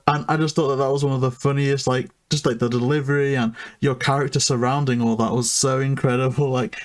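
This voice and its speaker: A young man co-hosts a relaxed interview and talks with eager enthusiasm, full of "like" and loose fillers. His pitch is ordinary and middle for a man. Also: fairly quick, hardly any pauses. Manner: enthusiastic, filler-heavy with lots of "like". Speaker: podcast co-host interviewer. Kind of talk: casual interview chat.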